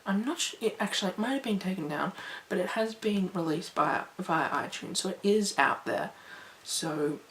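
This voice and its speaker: A woman vlogging to her viewers in a chatty, rambling, animated way. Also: fairly low pitch, normal speed, hardly any pauses. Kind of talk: casual talk to camera. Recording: echoey room, faint background noise.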